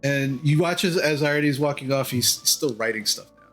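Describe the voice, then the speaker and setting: A man's voice: medium pitch, moderate pace, fairly bright tone, soft background music. A man narrating a tabletop game as game master, hesitant with many fillers.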